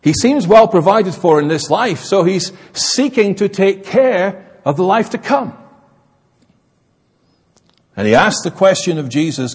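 A male preacher explains scripture with emphatic, animated delivery. His voice is slightly high and breathy and swings widely in pitch. A long reverb from a large hall trails each phrase. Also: a little slow. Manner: emphatic, expository. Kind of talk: sermon.

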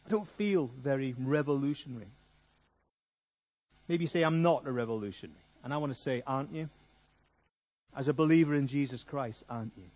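A middle-aged man preaching a sermon in a jokey, conversational, lively way. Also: mid-range voice, fast talker.

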